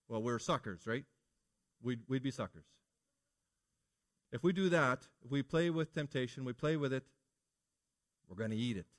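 A middle-aged man preaching a sermon in a relaxed, conversational way, telling stories and asking rhetorical questions. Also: medium pitch, moderate pace, long pauses.

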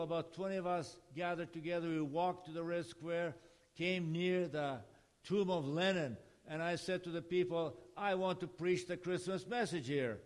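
An older man from Canada, a missionary speaker giving a personal testimony over photo slides and acting out the dialogue as he tells it. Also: high-pitched. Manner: plain storytelling with acted-out dialogue.

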